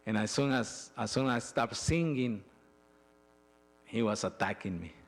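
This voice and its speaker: A middle-aged man giving a personal testimony in a church, telling his story in an emotional, halting way with frequent restarts. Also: fairly low pitch. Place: church sanctuary.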